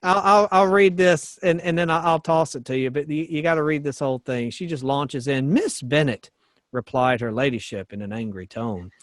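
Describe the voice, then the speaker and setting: A man talks casually about a story he loves, stopping to read passages aloud and adding chuckling asides. His voice sits a little high for a man. The sound is dry and close to the mic. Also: brisk, few pauses, a bit bright, no echo. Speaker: pastor and podcast co-host. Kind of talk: casual book discussion.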